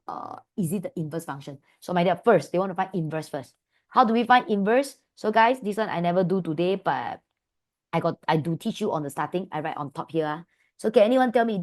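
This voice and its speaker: A woman with a Malaysian English accent teaching an online maths class, calling her students "my dear" and asking them quick questions. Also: on the low side. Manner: affectionate, calls students "my dear"; lively, asks many quick questions. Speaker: maths tutor.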